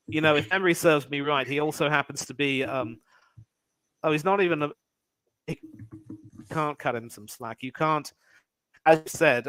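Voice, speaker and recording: A man talking as a guest on a sports chat, giving measured analysis hedged with fillers. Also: a little high, sharp tone, dry recording, rough recording. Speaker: guest cricket commentator. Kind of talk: casual sports podcast chat.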